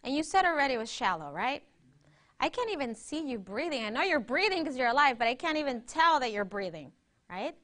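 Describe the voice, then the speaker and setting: A high, somewhat bright voice, very animated and fairly quick, belongs to a woman running a workshop. She walks people through a breathing exercise in a chatty teaching manner, keeping listeners engaged with frequent "right?" check-ins.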